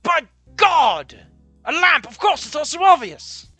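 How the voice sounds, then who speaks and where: A reader voicing a snarky, excitable young female student with a theatrical, mock-astonished delivery. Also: high voice, unhurried, no echo, soft background music, pitched above the performer's own voice, heavily acted. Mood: mock amazed.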